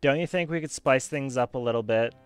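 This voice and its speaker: A man's voice: mid-range voice, fairly quick, clear, resonant tone, dry recording, faint music behind, voice pushed up, natural voice. A man voicing a chatty, scheming male party guest in a put-on Australian accent, with an exaggerated sing-song delivery.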